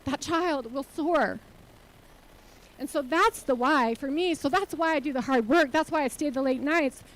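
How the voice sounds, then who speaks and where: At a moderate pace, a woman with a high-sitting voice gives a motivational conference talk on stage as a nonprofit CEO. She is earnest and fills her speech with rhetorical questions for the audience, captured in a low-quality recording.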